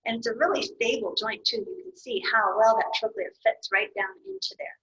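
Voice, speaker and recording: On a dull lo-fi recording, a woman explains anatomy while drawing, her voice a little high, sing-song, brisk, pushed and bright. She is patient and thinks aloud, occasionally correcting herself.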